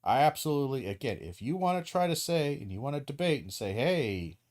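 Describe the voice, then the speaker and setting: A man's voice: fairly high pitch, very animated, quick pace, a little mellow. A man hosting a live stream, ranting angrily and profanely about a news video, with frequent restarts and acted-out quotes. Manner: acts out hypothetical dialogue in quoted voices. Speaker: streamer host.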